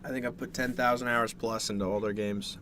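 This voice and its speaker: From a darkened bedroom, a young man from Canada eats a plate of food and chats with viewers in a meandering, easygoing way. His medium-pitched voice stays fairly even, moves a little fast, and carries a faint hiss or hum.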